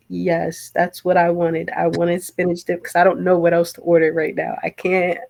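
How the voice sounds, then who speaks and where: A woman talks in a loose, casual podcast chat, with a gravelly, fry-edged voice. She tells her stories in a chatty way and laughs easily as she goes. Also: fairly low pitch, monotone, darkish tone. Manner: chatty storyteller, quick to laugh. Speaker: podcast guest.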